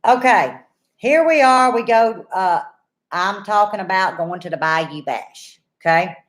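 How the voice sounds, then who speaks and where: A woman's voice: medium pitch, lively intonation, a little slow. An older woman, chatting and telling stories to her viewers in a folksy, down-home way. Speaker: homesteading channel host. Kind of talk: casual chat and storytelling to viewers.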